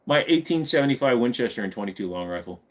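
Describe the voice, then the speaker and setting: Man, live-stream host, casual chat, very lively intonation, answers viewer questions. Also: mid-range voice, fast talker. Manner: answers viewer questions, slips into silly voices.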